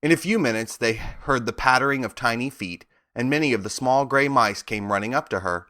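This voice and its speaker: A man narrating a storybook audiobook in an expressive storytelling manner. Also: mid-range voice, brisk.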